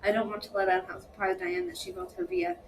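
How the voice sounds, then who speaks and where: A woman's voice: very high-pitched, fast talker. A woman reading a novel aloud in first-person narration, plainly, with small slips she corrects. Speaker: reader. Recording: steady background noise.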